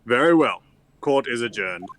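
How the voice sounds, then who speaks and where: A man's voice: medium pitch, expressive, normal speed, fairly bright tone, no room sound, close to an everyday voice. A man voicing a stern, fussy old male judge in a live fan dub of a game. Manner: stern, pompous.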